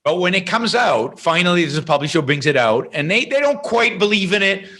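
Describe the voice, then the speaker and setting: A middle-aged man, a podcast guest, telling a story in an emphatic, animated way. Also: sits high, brisk.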